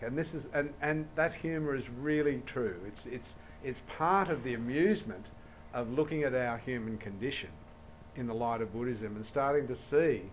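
A man's voice: mid-range voice, a little hiss or hum, low-quality recording. A man giving a Buddhist dharma talk to an audience, telling anecdotes and acting out dialogue in a jokey way. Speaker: Buddhist teacher.

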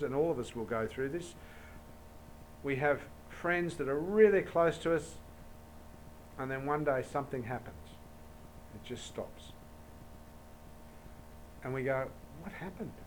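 A man's voice: mid-range voice, a little hiss or hum, rough recording. A man giving a Buddhist dharma talk to an audience, telling anecdotes and acting out dialogue in a jokey way. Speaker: Buddhist teacher.

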